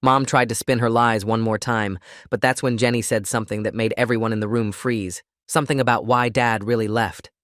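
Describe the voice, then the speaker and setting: A man narrating a first-person story in a steady, even reading voice. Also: medium pitch, a little fast, few pauses, dry recording, clean studio sound. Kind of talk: scripted narration.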